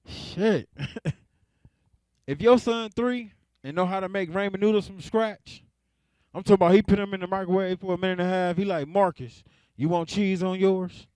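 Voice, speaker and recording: A young adult man tells stand-up jokes in a relaxed, rambling way and chuckles at his own punchlines. His voice sits a little higher than most men's. The recording is dry and close, with little room sound. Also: fairly quick, pauses often, smooth, no room sound. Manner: laid-back, laughs at his own jokes. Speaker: stand-up comedian. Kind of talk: stand-up comedy set.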